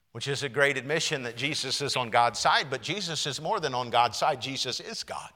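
A man's voice: mid-range voice, animated, brisk, bright, forceful tone. A man preaching a sermon, earnest and often repeating words as he searches for the next one. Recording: long reverb of a large hall.

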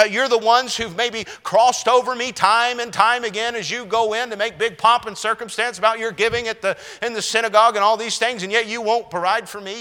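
A man voicing an indignant, formerly blind beggar man who loudly mocks religious leaders with sarcasm, in a reverberant hall. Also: very high-pitched, pitched above the performer's own voice. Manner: loud, mocking, sarcastic. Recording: long reverb of a large hall.

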